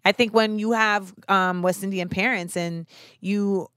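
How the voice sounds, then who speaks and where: A woman's voice: medium pitch, fairly even intonation, unhurried, fairly bright tone, smooth, no echo. A young woman speaks as a podcast host. She talks in a reflective, earnest way and leans on "you know" and "like" as she thinks aloud. Her voice is recorded close and dry, with no room sound. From United States.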